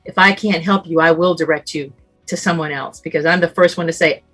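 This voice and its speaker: A middle-aged woman with a lower voice talks earnestly as a seasoned radio host. She offers help in a warm, storytelling way. Faint music sits quietly behind her. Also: steady tone, brisk, breathy edge. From Southern California. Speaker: radio talk show host and guest speaker. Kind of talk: casual panel conversation.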